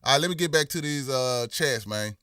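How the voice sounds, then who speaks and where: Hosting a casual livestream, this middle-aged Memphis, Tennessee man drawls through viewer comments in a relaxed way, often adding "you know what I'm saying", his voice slightly worn from performing. His mid-range voice is expressive, brisk, pushed, bright, clear and resonant. The clean, dry studio sound was captured from a distance.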